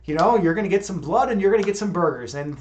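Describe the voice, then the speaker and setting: A man's voice: high-pitched, expressive, rapid-fire, darkish tone, highs cut off. A man chatting casually on a live stream, rambling and swearing, laughing often and restarting his words. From Chicago. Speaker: streamer leading meditation.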